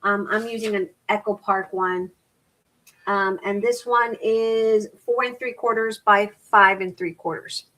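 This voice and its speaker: A woman's voice: mid-range voice, steady tone, unhurried, a bit bright, rough recording. Chatty middle-aged woman crafting. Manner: rambling, repeats and restarts words; reads crafting measurements aloud. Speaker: host of a crafting live stream. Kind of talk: casual chat while crafting.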